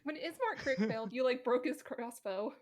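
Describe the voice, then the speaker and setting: A woman takes her turn in a tabletop game, laughing at her own bad luck and asking questions with easy humor. Her voice is a bit higher than most. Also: lively intonation, normal speed, a little mellow. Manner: laughing, self-deprecating. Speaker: player. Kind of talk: casual game chat.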